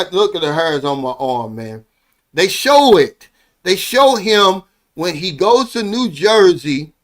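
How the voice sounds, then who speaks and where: A middle-aged man with a notably high voice talks straight to his viewers in a loose, wandering vlog monologue. He sounds earnest and heartfelt and tags "man" onto the ends of many phrases. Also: fairly bright tone. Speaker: vlogger living abroad. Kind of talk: casual monologue.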